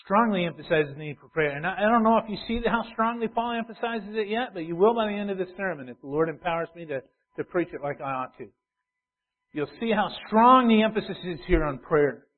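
High-voiced male preacher, tinny sound. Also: brisk. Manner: preaching with rising intensity, repeating key phrases. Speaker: pastor. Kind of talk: sermon.

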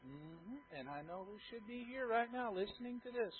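High-voiced guy preaching, goes quiet then loud, asks the church stuff, sounds like a phone recording. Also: expressive, normal speed, narrow, tinny audio. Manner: swings from quiet asides to loud emphatic passages, asks the congregation questions. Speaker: pastor. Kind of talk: sermon.

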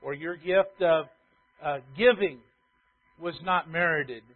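A pastor preaches to his congregation, dropping into quiet asides before building to loud, emphatic repetitions and putting questions to the room. His voice is a little high and slow, and the audio sounds tinny, like a phone.

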